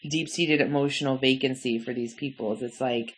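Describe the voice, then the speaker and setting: A young woman in casual chat, telling animated stories with lots of "like" fillers. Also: extremely low pitch, normal speed, a little hiss or hum. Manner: animated storyteller, frequent "like" fillers.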